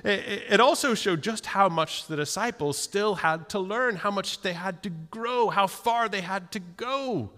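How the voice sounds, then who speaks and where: A man preaching a sermon in a church hall, telling the story in a lively way and slipping into quick voiced asides, often restarting his words. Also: high-pitched. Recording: long hall reverb.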